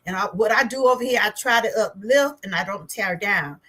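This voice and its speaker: A woman's voice: mid-range voice, normal speed, sharp tone. A woman from Georgia with a Southern accent, chatting with viewers on a livestream as a wellness vlogger, exclaiming and talking back to her chat.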